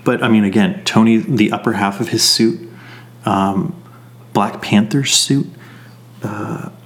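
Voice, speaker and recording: A man's voice: fairly low pitch, steady tone, a little slow. A man co-hosting a podcast, bluntly ranting and swearing his way through a casual movie review. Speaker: podcast co-host.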